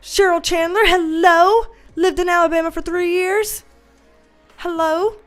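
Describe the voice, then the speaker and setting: A high-pitched woman with a Southern US accent chats casually on a livestream. She is loose and colloquial and throws in a mild curse now and then. She laughs often as she reads viewer comments aloud, with faint music playing behind her. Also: fairly even intonation, unhurried, a bit bright. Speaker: livestream host and tarot reader.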